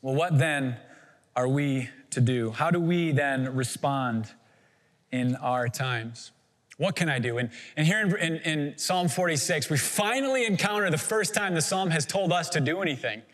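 Male pastor, earnest preaching, fairly high voice, long hall reverb. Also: expressive, a bit bright. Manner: earnest, with slow emphatic phrases and repetition. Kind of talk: sermon.

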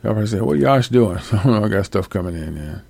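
A man hosting a livestream, talking casually and bluntly with profanity and loud, high-pitched outbursts. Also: animated, quick pace, creaky, husky, no echo. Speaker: livestream host.

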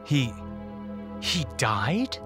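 A man's voice: on the high side, animated, moderate pace, music in the background, natural voice. A man voicing a nervous male office worker who talks hesitantly and stammers.

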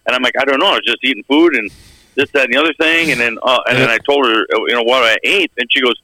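A man's voice: medium pitch, fast talker, sharp tone, dry recording, rough recording. A middle-aged man on a podcast telling a long story in a casual, rambling way, acting out the lines of the people in it. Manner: rambling, acts out quoted dialogue. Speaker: podcast co-host.

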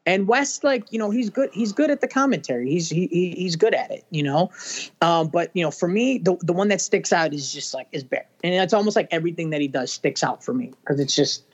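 Male co-host, higher voice, halting casual chat, slightly muffled line. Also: animated. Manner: rambling, halting, many fillers. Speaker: podcast co-host. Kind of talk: casual podcast discussion.

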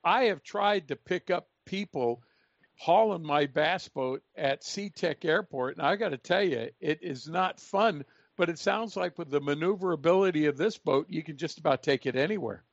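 A man's voice: fairly high pitch, moderate pace, creaky, no room sound. Folksy male radio host, dull lo-fi sound. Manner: chatty, folksy questions. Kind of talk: radio interview.

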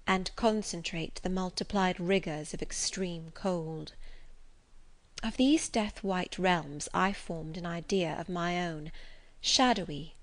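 A woman narrates a classic novel in a measured, deliberate reading voice. She sinks at times to a soft, hushed near-whisper. Her pitch sits in a middle range. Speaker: audiobook narrator. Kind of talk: scripted narration.

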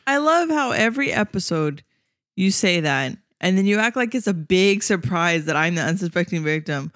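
A woman co-hosting a casual podcast, wry and teasing, quick to laugh. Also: lowish voice, expressive, fairly bright tone, no echo, studio quality. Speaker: co-host.

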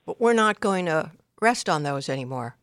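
A woman's voice: low voice, expressive, moderate pace, no echo, studio quality. An older woman hosting a call-in advice show, giving blunt, direct instructions in numbered steps. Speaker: radio advice host.

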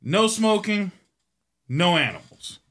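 A gruff, rule-bound male pilot of a small plane, as a man telling a joke puts him on. He speaks bluntly and scolds, in a bright, clear voice. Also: high voice, big pitch swings, slow pace, pitched above the performer's own voice, heavily acted. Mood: stern.

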